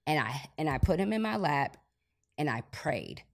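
Low-voiced woman telling a family story. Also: sing-song, moderate pace, vocal fry. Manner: storytelling, earnest, repeats herself. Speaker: podcast co-host; mother. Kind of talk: casual faith conversation and ad read.

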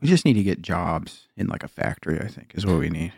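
Gravelly low-voiced male podcast co-host. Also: lively intonation, quick pace, a little mellow, dry recording, studio quality. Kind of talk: casual chat.

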